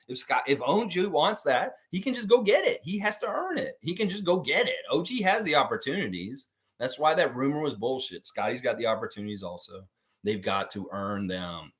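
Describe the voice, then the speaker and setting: A man's voice: mid-range voice, lively intonation, brisk. A man hosting a casual livestream, talking bluntly and with swearing as he argues with his chat. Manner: blunt, profane, argumentative, addresses chat. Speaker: livestream host.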